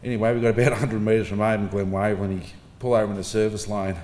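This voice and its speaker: Rapid-fire and level in tone, this fairly low, darkish male voice belongs to a middle-aged Australian eulogizing his father in a funeral hall. He shares relaxed anecdotes with the odd chuckle, recorded in an echoey space with faint ambience and slight background noise.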